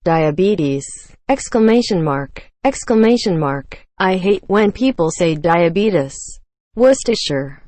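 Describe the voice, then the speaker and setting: A woman reading a string of forum comments aloud in an even, flat read. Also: mid-range voice, normal speed, few pauses, no echo. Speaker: narrator reading forum posts.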